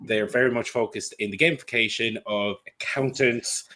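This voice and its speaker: A man's voice: mid-range voice, fairly even intonation, brisk, sharp tone. A man hosting a podcast in a playful, joking and loose way. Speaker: podcast host.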